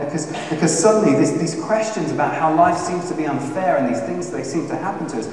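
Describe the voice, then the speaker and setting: A man giving a sermon-style talk to students, telling stories with animated swings from hushed to loud. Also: fairly high pitch, fairly quick, hardly any pauses, a little hiss or hum. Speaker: speaker at a student Christian talk. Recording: echoey hall, speaker far from the mic.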